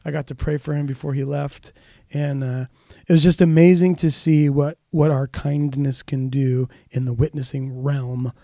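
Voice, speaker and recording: Dark-voiced male pastor telling a story. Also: mid-range voice, normal speed, no echo, studio quality. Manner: animated storyteller, raises voice for quoted dialogue. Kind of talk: casual storytelling in a podcast chat.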